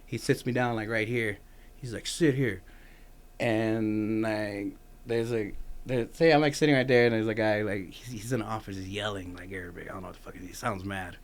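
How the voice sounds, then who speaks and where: Chatting casually on a podcast, a young adult man who served in the military tells a loose, profane anecdote full of "like," mimicking what others said. His voice is on the low side, fairly even in intonation, and he speaks at a normal speed.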